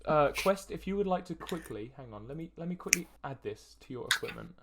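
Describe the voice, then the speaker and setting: A young man narrating as dungeon master in a tabletop game, halting with many fillers. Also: a little high, lively intonation. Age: young adult. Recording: faint background hiss.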